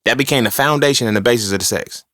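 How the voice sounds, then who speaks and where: A man's voice: medium pitch, very fast, a bit bright, dry recording, clean studio sound. A man hosting a podcast, talking alone in a casual, rambling, profane and emphatic way, often checking in with "you feel me". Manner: frequent 'you feel me' asides. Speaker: podcast host. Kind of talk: casual solo monologue.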